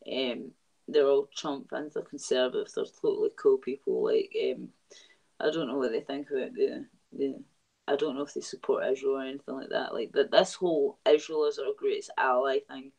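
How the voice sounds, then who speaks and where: A woman with a Glaswegian accent, a guest in a casual chat, blunt and animated and swearing freely. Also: a bass voice, moderate pace, gravelly, dull audio. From Scotland.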